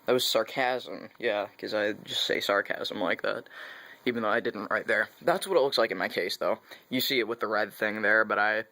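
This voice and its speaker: A man's voice: lowish voice, bright, forceful tone, dry recording. A young man vlogging a casual, rambling overview of his computer parts, correcting himself and making sarcastic asides. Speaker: YouTube vlogger. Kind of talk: casual tech hardware overview.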